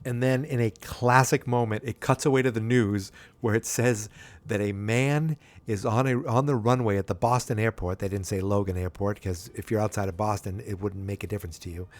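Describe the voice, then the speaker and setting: A man casually recapping a sitcom episode, rambling with frequent ums and restarts, and jumping into a higher voice to act out the characters' lines. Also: fairly even intonation, brisk, dry recording. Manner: acts out characters' quotes in a higher voice.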